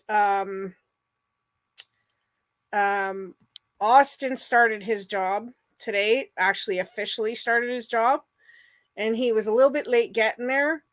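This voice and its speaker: A woman's voice: a little high, fairly bright tone, dry recording. A middle-aged woman hosting a casual livestream, rambling with fillers and greeting viewers by name. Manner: chatty, rambling, full of fillers. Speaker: livestream host. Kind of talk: casual chat with live viewers.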